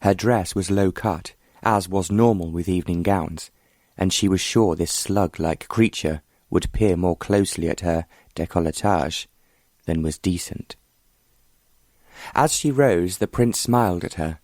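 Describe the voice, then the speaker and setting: A man reads an audiobook in steady, scripted narration. His voice sits very low, and the recording is dry and close. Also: measured pace, no echo.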